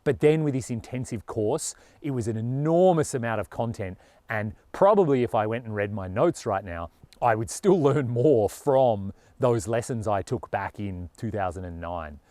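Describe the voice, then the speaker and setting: A man's voice: mid-range voice, expressive, moderate pace, mellow, dry recording. A man with an Australian accent talking earnestly and casually to camera as a travel vlogger, with a lot of "you know".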